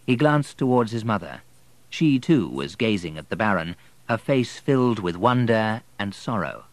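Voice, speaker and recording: A man narrating an audiobook in an expressive, measured storytelling manner. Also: lowish voice, dry recording, low-quality recording.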